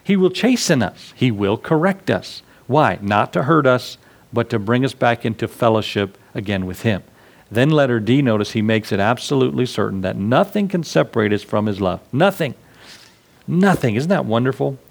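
Male preacher, gravelly voice, casual conversational sermon, acts out little scenes. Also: mid-range voice, lively intonation, moderate pace. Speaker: pastor.

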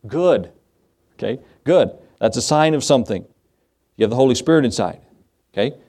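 A man's voice: mid-range voice, expressive, normal speed, mellow. A middle-aged man, a pastor, preaching a sermon in a conversational way and often asking his listeners questions.

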